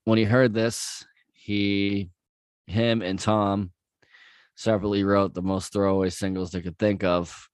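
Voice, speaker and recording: A man's voice: lowish voice, little pitch movement, measured pace, smooth, no echo, studio quality. A young man co-hosting a podcast, laid-back, reading his notes with fillers in casual chat. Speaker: podcast co-host.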